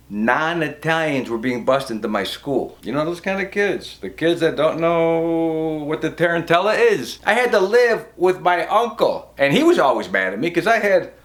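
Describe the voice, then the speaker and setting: A man in his fifties from Cleveland doing a stand-up comedy set, telling wry stories with quick asides. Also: a bit bright. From Cleveland, Ohio. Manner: wry storytelling, quick asides, drops low for quoted voices.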